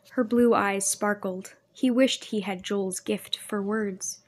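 A woman reads a novel aloud in a steady, measured way. Her voice sits in a middle range for a woman. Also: medium pitch. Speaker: audiobook narrator. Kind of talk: scripted narration.

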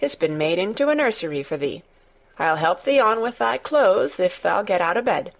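A woman's voice: medium pitch, expressive, moderate pace, creaky. A woman voicing a plainspoken, friendly young housemaid with a Yorkshire accent and homely dialect, in an audiobook. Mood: matter-of-fact. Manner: blunt, homely dialect with thee and thou. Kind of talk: audiobook character voice.

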